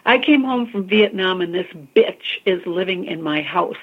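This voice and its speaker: A woman's voice: lowish voice, lively intonation, normal speed, slightly rough. A woman voicing the quoted lines of an angry young male soldier ghost who refuses to accept he is dead, over a tinny phone-like line.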